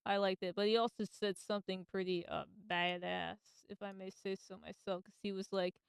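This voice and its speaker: A woman's voice: medium pitch, little pitch movement, normal speed, creaky, clear, resonant tone, no room sound. A woman hosting a casual radio monologue, enthusiastic and slangy. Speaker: radio host.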